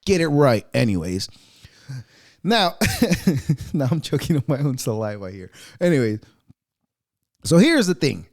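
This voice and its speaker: A man's voice: mid-range voice, very animated, a little slow, long pauses, darkish tone. A man hosting a podcast, going off in a sarcastic, rambling, profane monologue. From United States. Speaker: podcast host. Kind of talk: casual opinionated monologue.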